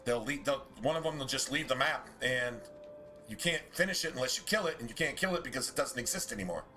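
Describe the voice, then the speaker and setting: Man, game streamer, casual gameplay commentary, swears a lot, grumbly, bright voice. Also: medium pitch, expressive, fast talker, faint music behind. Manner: profane, complaining, laughs often.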